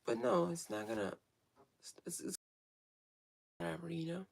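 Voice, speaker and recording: A woman's voice: on the low side, very animated, normal speed, vocal fry, a little mellow. A woman vlogger talking frankly in a casual, rambling monologue, swearing freely and restarting often.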